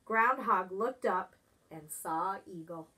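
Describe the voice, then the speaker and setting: A preschool teacher reading a picture book aloud, pausing to ask the children questions. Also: female voice, medium pitch, slight background noise. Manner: expressive, asks children questions. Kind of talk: storybook read-aloud for preschoolers.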